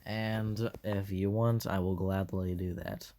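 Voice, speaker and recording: Calm reasonable soldier hero, read by a man in his own voice, slow and low-set. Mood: reasoning. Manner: plain, careless delivery.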